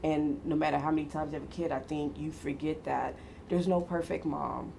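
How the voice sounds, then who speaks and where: A woman in her fifties with a low, gravelly voice tells family stories in casual conversation. She talks animatedly, slipping into other people's voices and laughing often. Faint background noise sits under her voice. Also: fairly even intonation, a little fast, mellow. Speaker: guest mother.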